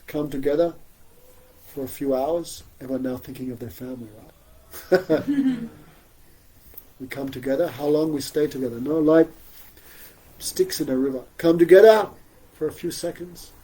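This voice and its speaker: A man's voice: mid-range voice, mellow, breathy edge, rough recording. A man giving a spiritual scripture class, telling stories with frequent chuckles and rhetorical questions. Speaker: spiritual teacher.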